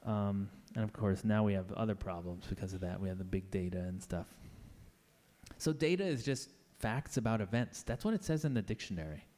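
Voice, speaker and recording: Guy giving a laid-back tech talk, mellow warm voice, chatty, slips into little voices for bits. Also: fairly low pitch, a little fast. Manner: chatty, playful, acts out little scenes in voices. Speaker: conference speaker. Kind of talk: casual conference talk.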